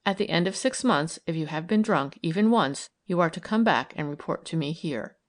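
A woman voicing a brisk, kindly woman parole officer who talks firmly and encouragingly. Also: low-pitched, expressive. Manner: firm, crisp and encouraging.

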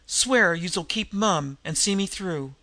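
A man voicing a sick, desperate woman criminal in disguise, who speaks in a hoarse, labored voice with slangy underworld talk. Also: high voice, lively intonation, unhurried, pushed and bright, no room sound, heavily acted.

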